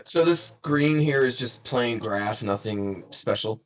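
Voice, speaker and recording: A man's voice: medium pitch, animated, slow, rough recording. A man playing a tabletop game, blunt and swearing as he presses the game master with questions. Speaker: player.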